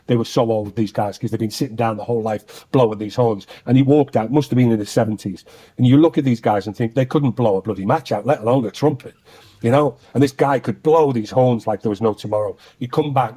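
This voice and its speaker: A man, an actor and singer, telling a personal story in a conversation and acting out the voices he quotes. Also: mid-range voice. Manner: animated storyteller who acts out quoted voices.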